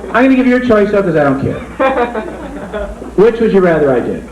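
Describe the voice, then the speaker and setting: Young comic magician with a lively voice. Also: male voice, high-pitched, a little fast, highs cut off. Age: young adult. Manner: playful, dry asides to the crowd. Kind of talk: stand-up comedy magic act. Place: comedy club stage. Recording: echoey club recording with loud audience.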